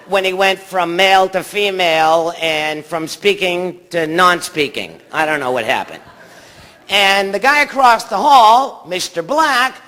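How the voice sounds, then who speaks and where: High, bright-voiced male stand-up comic. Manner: rambling, banters with the audience. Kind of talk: stand-up comedy set. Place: theatre stage before a live audience.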